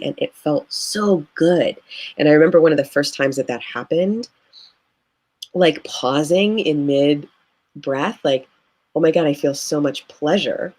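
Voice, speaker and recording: A woman's voice: rumbling low, a little mellow. A woman who works as a grief guide, speaking earnestly and reflectively in a live video interview, with frequent "you know" fillers.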